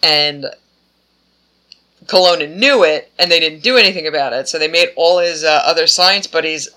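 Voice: medium pitch, moderate pace, bright, forceful tone. A podcast co-host in casual chat who rambles and slips into offhand character voices.

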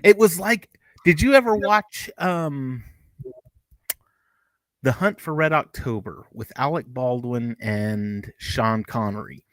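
Casual review co-host, man, middle-pitched, rambly and chatty, dry close sound. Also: takes it slowly, no echo. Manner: rambling, chatty, with frequent restarts and asides. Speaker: podcast co-host reviewing TV episodes.

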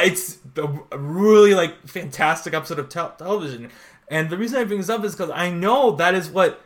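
A man's voice: fairly high pitch, fairly bright tone. A man, co-hosting a podcast and rambling animatedly, full of "like", acting out the scenes he retells. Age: 20s. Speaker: podcast co-host. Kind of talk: casual chat.

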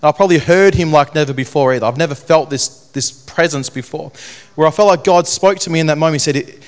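A young man telling his personal story to an audience, in an earnest, halting way that repeats phrases. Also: a little high. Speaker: speaker telling his testimony. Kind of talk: personal testimony talk to an audience.

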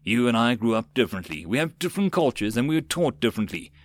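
A man's voice: mid-range voice, sing-song, fast talker, no echo. A man voicing a tense male sergeant in an audiobook, barking terse orders over the radio. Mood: commanding.

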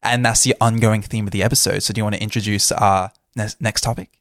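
A man's voice: lowish voice, fairly even intonation, fast, dry recording, clean studio sound. A man co-hosting a podcast, talking in a thoughtful, reflective and slightly formal way. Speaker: podcast co-host. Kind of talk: casual chat.

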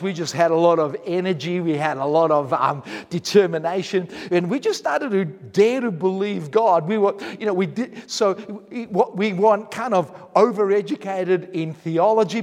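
A middle-aged man preaching a sermon, telling a story earnestly, with restarts and shifts between loud and quiet. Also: high-pitched, long reverb tail. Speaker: pastor.

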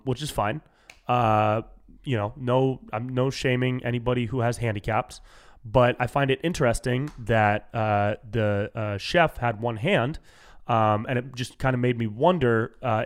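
A young man from California hosting a solo comedy podcast, riffing in an animated, incredulous way and saying "dude" a lot. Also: mid-range voice.

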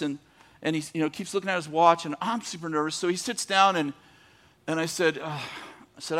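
A man's voice: sits high, a bit bright. A man preaching on a podcast, telling a long story with laughs and growing emphasis.

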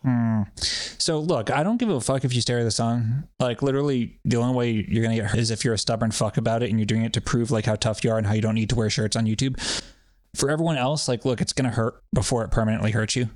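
A man chatting on a podcast in a loose, rambling way, swearing freely and sounding sardonic. His voice is even and mid-pitched. It sounds dry and close, with no room around it. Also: quick pace, no room sound. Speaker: podcast co-host. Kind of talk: casual podcast chat.

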